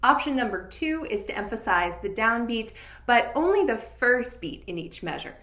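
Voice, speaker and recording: A woman's voice: a little high, big pitch swings, normal speed, fairly bright tone, faint music behind. Woman fiddle teacher in an echoey room. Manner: clear, patient explaining, counting beats aloud. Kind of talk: instructional tutorial.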